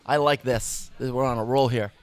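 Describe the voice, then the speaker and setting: A man's voice: mid-range voice, steady tone, moderate pace, smooth. A man hosting a casual gaming podcast, playful and prone to hammy announcer bits. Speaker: podcast host. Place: gaming venue.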